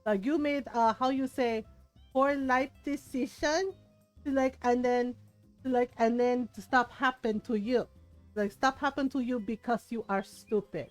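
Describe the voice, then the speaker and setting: A woman imitating a blunt, tiny Filipino mother who scolds in halting English. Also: a little high, steady tone, soft background music, lightly acted. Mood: blunt scolding.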